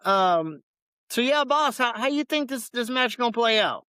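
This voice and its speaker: A man talks wrestling on a casual podcast, relaxed and unhurried, stumbling over and repeating his words. His voice is clean and smooth. It sounds dry and close to the mic. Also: extremely high pitch, no echo. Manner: laid-back, loose, repeats words. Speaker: podcast co-host.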